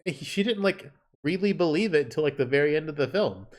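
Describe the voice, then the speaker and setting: A man's voice: fairly high pitch, expressive, fast. A man co-hosting a podcast, explaining things in a chatty, playful way. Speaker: podcast co-host. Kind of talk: casual chat.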